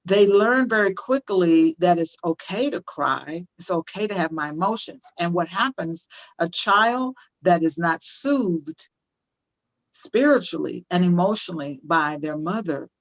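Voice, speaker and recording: A woman's voice: fairly low pitch, no room sound. Impassioned older woman on a muffled line. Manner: impassioned, repeats phrases for emphasis, acts out parents' voices. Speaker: guest speaker on parenting. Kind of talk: conversational interview, teaching. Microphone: video call.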